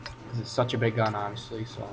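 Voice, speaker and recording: A man hosting a gaming video, commenting casually on his match in a relaxed, rambling way with many fillers. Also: lowish voice, a little fast, noisy background. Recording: voice over loud game sounds. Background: game engines and artillery fire.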